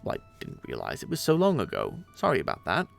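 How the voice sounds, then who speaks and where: A man's voice: lowish voice, huge pitch swings, quick pace, creaky, soft background music, voice pushed down, full character voice. A man voicing a clueless young male adventurer who rambles in a folksy, self-absorbed way, in a webcomic read aloud with voices. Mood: apologetic.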